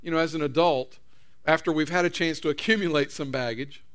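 Pastor, male, high-pitched, informal preaching style with restarts. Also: fairly quick, fairly bright tone, smooth. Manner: conversational storytelling with repeated restarts. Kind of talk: sermon.

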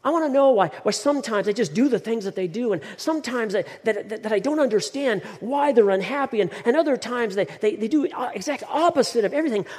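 Male psychologist, eager, rambling, played by a preacher; pitched up, long hall reverb. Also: animated, quick pace, vocal fry, few pauses, darkish tone. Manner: eager, rambling, words tumbling.

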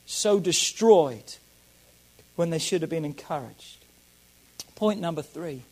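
High-voiced pastor, emphatic sermon. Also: male voice, animated, slow, rough recording. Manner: emphatic, repeats key phrases, swings between loud and soft.

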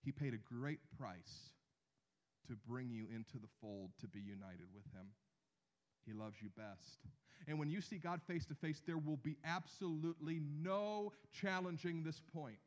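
A man in his thirties preaching a sermon, animated, with slow emphatic phrases and drops to near a hush. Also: on the high side. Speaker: pastor.

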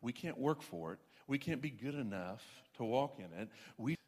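A man's voice: medium pitch, animated, moderate pace, darkish tone. A man preaching a sermon, folksy and self-deprecating, stressing points with repeated emphasis. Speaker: pastor. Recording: long reverb of a large hall.

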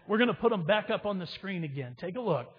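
A man preaching a sermon, retelling a scripture story dramatically, moving between loud emphasis and hushed reading. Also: high voice, expressive, quick pace, breathy edge. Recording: dull reverberant hall sound.

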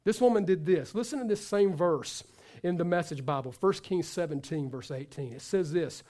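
A man's voice: fairly high pitch, normal speed, mellow. A pastor preaching to his congregation, emphatic, repeating himself and restarting phrases as he builds a point. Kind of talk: sermon.

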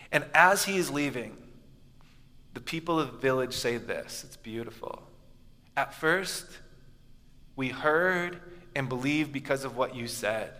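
Guy giving a sermon, bright forceful voice, goes quiet a lot, long echo like a big hall. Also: medium pitch. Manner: storytelling, often dropping soft and quiet for emphasis. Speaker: pastor. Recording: echoey hall with long reverb.

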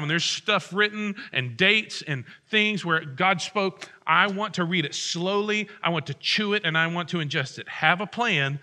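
A man's voice: on the high side, pushed and bright. A middle-aged man preaching a sermon as pastor, conversational and joking with his congregation.

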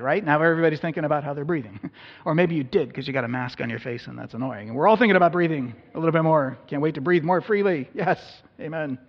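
A man pastor delivers a sermon in a conversational, self-deprecating way. His voice sits a bit high with a husky edge. The audio is dull and carries a long echo from a large church hall. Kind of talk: Easter sermon.

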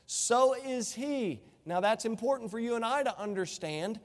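Pastor guy giving a sermon, pretty high voice, lots of rhetorical questions, big reverby hall. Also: expressive, moderate pace, hardly any pauses, darkish tone. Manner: preaching with rhetorical questions and scripture quotes.

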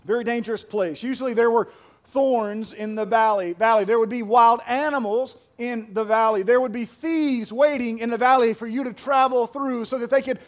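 A young man preaching a sermon as pastor, animated, repeating words and building to emphatic shouts. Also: very high voice, normal speed.

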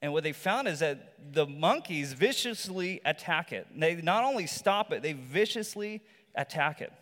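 A male pastor giving a sermon in a relaxed, conversational storytelling manner, with rhetorical asides to the congregation. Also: on the high side, moderate pace. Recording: long reverb from a large hall.

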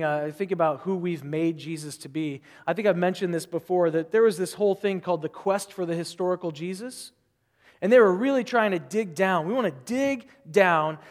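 High-voiced preacher in a reverberant hall. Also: male voice. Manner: conversational, rambling with asides and rhetorical questions. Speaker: pastor. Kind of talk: sermon.

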